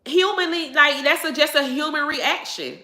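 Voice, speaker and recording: A woman, chatting on a livestream with a bright, forceful voice that sits a little high. She talks emphatically, circling back over the same phrases. The sound comes from an echoey room. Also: moderate pace. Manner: emphatic, repeats phrases, laughs often. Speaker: livestream host answering viewers. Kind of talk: casual livestream chat.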